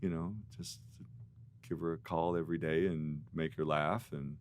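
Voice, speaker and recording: A middle-aged man, a guest musician, telling animated, rambling stories in a podcast interview. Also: very deep voice, normal speed. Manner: animated storyteller, rambling with restarts.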